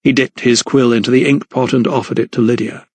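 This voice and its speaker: A male narrator reading a historical mystery audiobook in a measured, even voice of middle pitch. The sound is dry and close to the mic, with no room around it. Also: breathy edge, no echo. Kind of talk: scripted narration.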